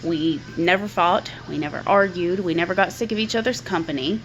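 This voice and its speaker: A woman's voice: fairly low pitch, a little fast, a little hiss or hum. A middle-aged woman speaking candidly to camera in a personal vlog, often repeating words as she thinks aloud. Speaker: vlogger.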